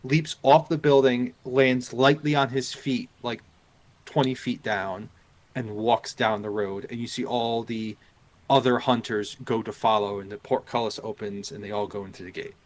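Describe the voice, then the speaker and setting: A man's voice: medium pitch, fairly even intonation, moderate pace. A man narrating as game master in a live tabletop game, in a loose, filler-heavy way.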